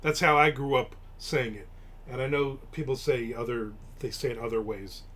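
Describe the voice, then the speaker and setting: A man's voice: medium pitch, moderate pace, pushed and bright. A man from Newark, hosting a live stream and telling rambling, casual stories with offhand swearing. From Newark, New Jersey. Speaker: show host.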